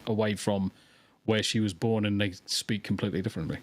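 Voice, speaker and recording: A man's voice: on the low side, fairly even intonation, fairly quick, no echo. A man from England with a mixed English accent, a guest chatting casually on a podcast and telling stories animatedly.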